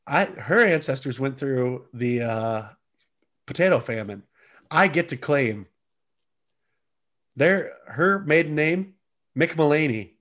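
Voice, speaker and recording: A man's voice: mid-range voice, expressive, takes it slowly, long pauses, a bit bright. A man co-hosting a casual podcast chat, joking around and laughing often. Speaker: podcast co-host.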